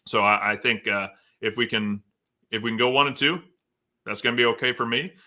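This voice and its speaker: A man's voice: medium pitch, fairly quick, bright, forceful tone. A man hosting a casual sports podcast, laughing often and teasing his guests. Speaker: podcast host.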